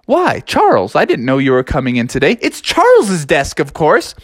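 A man's voice: on the high side, wildly swooping pitch, normal speed, no room sound, clean studio sound. A man voicing a polite, fussy male boss in a made-up story, prim and sing-song. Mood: pleased.

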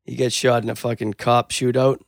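A man's voice: medium pitch, brisk, no room sound. A man retelling a story in casual chat, acting out the dialogue with lots of swearing. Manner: animated storyteller, acts out dialogue, swears a lot.

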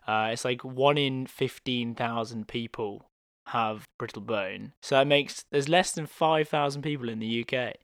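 A man from England hosting a podcast, thinking out loud and responding supportively. His voice is mid-pitched and sounds close and dry, with no room echo. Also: measured pace. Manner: reflective, supportive, thinks aloud. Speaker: podcast host. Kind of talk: casual interview.

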